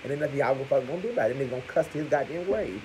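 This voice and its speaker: A man giving crude, profane gossip commentary to his viewers, talking to them as "y'all" and punctuating points with loud exclamations. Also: mid-range voice, racing, noisy background. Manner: animated, crude, keeps calling out "Hello!". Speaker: vlogger.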